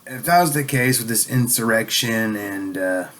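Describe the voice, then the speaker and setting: A man's voice: lowish voice, moderate pace, a bit bright. A man delivering a rambling, profane political rant as a vlogger, sounding a bit tipsy and sarcastic.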